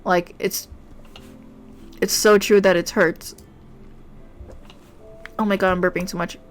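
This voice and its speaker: A young woman, a streamer who reacts excitably and laughs often while reading a story game aloud. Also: mid-range voice, slow pace, faint music behind. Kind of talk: game playthrough commentary.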